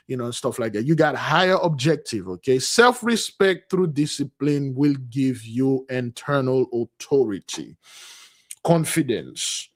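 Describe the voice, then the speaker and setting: A man giving a livestream sermon in a loose, conversational way, repeating phrases and calling his listeners "beloved", with his voice swinging between loud and soft. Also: mid-range voice, measured pace. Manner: repetitive, calls listeners "beloved". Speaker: spiritual teacher leading a community fast.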